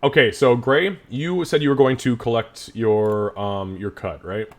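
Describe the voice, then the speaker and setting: A man narrating as game master of a tabletop game, relaxed and chatty, voicing townsfolk as he goes. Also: mid-range voice, unhurried.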